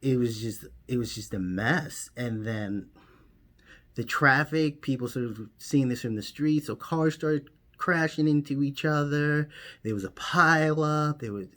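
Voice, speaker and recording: A man delivering a mock-serious comedy monologue as a rambling, deadpan story. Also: mid-range voice, a little slow. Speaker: comedian doing a parody monologue.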